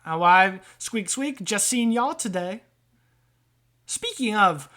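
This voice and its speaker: A woman voicing a sleazy male rat trader in a tabletop game, crude and swearing, with squeaks between phrases. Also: animated, slow, fairly bright tone. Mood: griping. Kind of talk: tabletop role-play voice.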